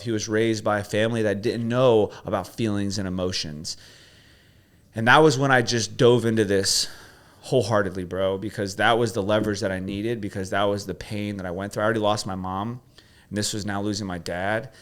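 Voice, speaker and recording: A man with a fairly low voice leads a coaching talk. He presses with short questions and then tells a heartfelt personal story. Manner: probing, then emotional storytelling. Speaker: guest coach.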